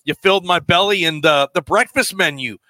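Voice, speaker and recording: American sports radio host, bright voice, chatty and excitable, dry close sound. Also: male voice, high voice, brisk, no echo. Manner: chatty, excitable, jumps between thoughts. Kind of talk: casual sports talk.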